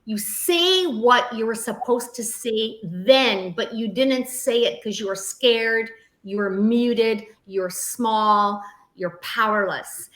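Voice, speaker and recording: A woman guest mentor telling stories in an interview, acting out the quotes with lively pitch shifts. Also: echoey room, rough recording. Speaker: guest, emotional healing mentor. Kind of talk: storytelling in a podcast interview.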